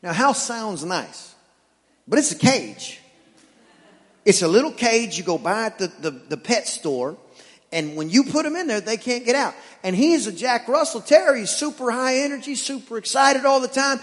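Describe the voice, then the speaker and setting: A man who is a pastor, preaching a sermon in an animated storytelling manner that moves from playful to earnest. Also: extremely high pitch, moderate pace, long reverb tail.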